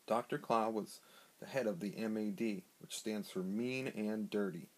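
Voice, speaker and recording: Husky dad reading a picture book. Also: male voice, on the low side, moderate pace, rough recording. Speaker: father reading to his son. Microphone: iPad held in hand.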